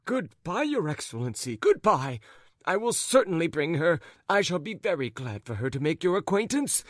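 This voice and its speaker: A man's voice: a little high, very animated, normal speed, no room sound, clean studio sound. A man voicing a flustered, jealous husband who stammers and fawns as he babbles on. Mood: eager babbling.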